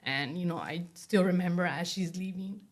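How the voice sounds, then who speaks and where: A woman being interviewed, telling a personal story in a halting way, full of fillers like "you know" and "like.". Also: on the low side. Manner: acts out other people's words while telling her story. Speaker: interview guest.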